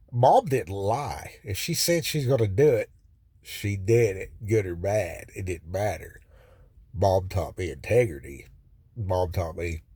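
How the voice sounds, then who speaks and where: Recorded dry, this man's voice is fairly low, darkish and slightly rough. He's a vlogger in his car at the roadside, telling a raw first-person story full of swearing, fillers, restarts and detours back to earlier points.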